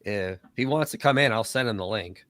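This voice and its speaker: A man's voice: on the low side, fairly quick, no echo, studio quality. A man hosting a casual live stream, reading chat comments and joking, with a voice that tends to crack. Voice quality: voice cracks often. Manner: animated, joking, quotes others in put-on voices.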